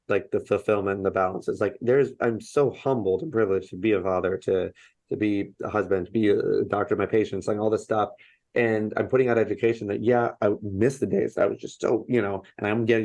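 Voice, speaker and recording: Earnest man, low voice, dry sound. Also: a little fast, a little mellow, no echo. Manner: earnest, many fillers. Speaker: podcast guest, oncologist. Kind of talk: casual conversation.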